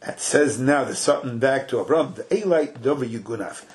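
Older man teaching a lively Torah class. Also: medium pitch, a little fast, a little hiss or hum. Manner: mixes Hebrew and Yiddish terms into English, conversational; animated, folksy retelling with asides.

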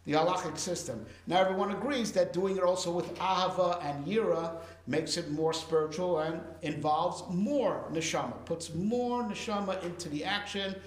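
High-voiced man teaching a Torah class. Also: normal speed, echoey room. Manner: conversational, sprinkled with Hebrew and Yiddish terms, asks "right?".

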